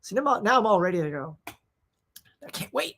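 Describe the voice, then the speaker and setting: A woman hosting a casual live-stream show, reading out viewer comments and answering them in an excitable, rambling, slangy way. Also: mid-range voice, normal speed, slightly rough. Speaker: host of a live movie chat show.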